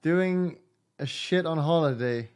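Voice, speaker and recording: A man's voice: on the high side, takes it slowly, a little mellow, clean tone. A male streamer making dry, offhand comments while playing a game.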